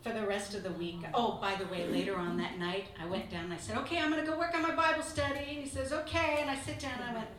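Female Bible teacher, animated storyteller, distant mic in an echoing, noisy room. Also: on the high side, fast, hardly any pauses. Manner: lively storytelling, laughing through anecdotes. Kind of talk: Bible teaching talk with personal stories. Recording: echoey room from far off, noisy.

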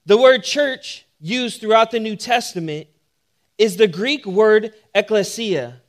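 A man with a notably high voice delivers a sermon as a pastor. He tells stories with humor and lively timing, then settles into steady teaching. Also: slow pace. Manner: humorous storytelling, animated when telling the joke. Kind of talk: sermon with personal story.

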